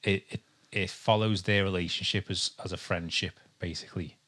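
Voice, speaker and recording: Chatting casually as a podcast co-host at home with a dog close by, this Englishman rambles along, full of ums and restarts. His low voice is steady and sharp in tone, moving at a moderate pace.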